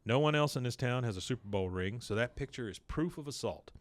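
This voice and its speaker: Man, casual podcast recap, animated pitch, quick character voices, dry sound. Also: no echo. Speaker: podcast co-host recapping an episode. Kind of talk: casual chat, retelling a cartoon plot.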